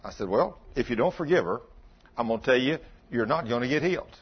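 A man's voice: lively intonation, brisk, husky. A man preaching a sermon, telling stories in a folksy way and acting out the dialogue. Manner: folksy, acts out dialogue, drops to low intense tones. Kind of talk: sermon storytelling. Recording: dull lo-fi sound.

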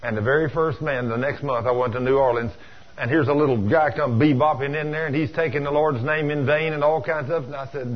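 A man's voice: a little high, fairly quick. A man preaching a folksy story sermon, acting out dialogue, over a dull lo-fi radio broadcast. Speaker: preacher, church deacon.

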